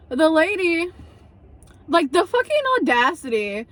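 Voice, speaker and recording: A young adult woman casually telling a story to camera, animated, swearing freely and acting out what people said. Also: high-pitched, normal speed, no room sound. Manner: animated, swearing, acts out quotes.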